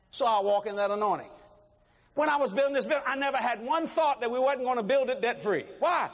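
Older man, pastor, high voice, lively sermon, echoey church hall. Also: quick pace, muffled recording. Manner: folksy, animated preaching with acted quotes. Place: church sanctuary. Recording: echoey hall, faint noise.

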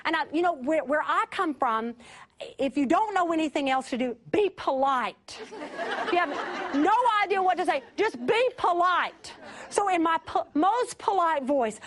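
High-voiced woman preaching with laughter. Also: normal speed, a crowd in the background, background noise. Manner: animated, laughing, drops to a hush for emphasis. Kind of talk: storytelling sermon.

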